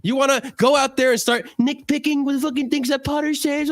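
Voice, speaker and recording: A man's voice: very high-pitched, little pitch movement, fairly quick, no room sound, studio quality. A man co-hosting a fan livestream, ranting in a profane, heated way and saying he is cranky from too little sleep. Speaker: livestream co-host.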